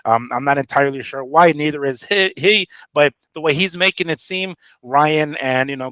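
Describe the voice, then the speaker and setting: A man's voice: mid-range voice, fairly bright tone, no echo. A man co-hosting a boxing show, talking loosely and profanely with many fillers. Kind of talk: casual podcast chat.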